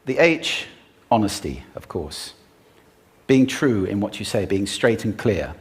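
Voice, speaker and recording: Man, stage talk, animated lively pitch, expressive delivery, shifts pace and volume. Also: a little slow. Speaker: speaker giving a talk on stage. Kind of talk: public talk.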